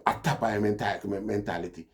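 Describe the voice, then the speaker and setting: A man's voice: lowish voice, steady tone, quick pace. A man with a Jamaican accent telling a personal story in a casual, rambling monologue, often dropping in "you know, see". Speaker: vlogger.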